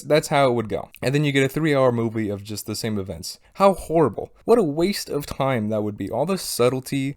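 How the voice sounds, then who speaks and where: Young guy doing a sarcastic movie rant, fed up, mid-pitched voice. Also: darkish tone. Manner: sarcastic, exasperated. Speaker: film critic video host. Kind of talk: video essay commentary.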